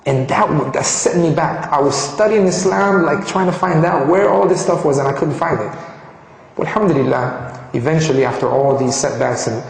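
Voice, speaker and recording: A man from Colombia giving a personal testimony, animated and restarting phrases as he tells his story. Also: fairly high pitch, moderate pace, gravelly, a little hiss or hum. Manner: animated, acts out quoted dialogue, frequent restarts. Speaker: speaker sharing his conversion story. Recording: echoey hall reverb.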